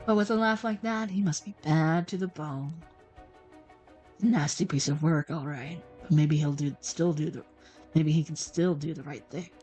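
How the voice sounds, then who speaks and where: A woman's voice: sits low, mellow, voice pushed down. A woman voicing a sly drawling old janitor. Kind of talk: reading a video game aloud.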